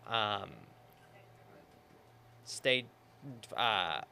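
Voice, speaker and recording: A young man, a TV meteorologist chatting casually about the weather in a news studio, relaxed with lots of fillers. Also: fairly low pitch, extremely slow, gravelly, very noisy. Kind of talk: casual on-air weather chat.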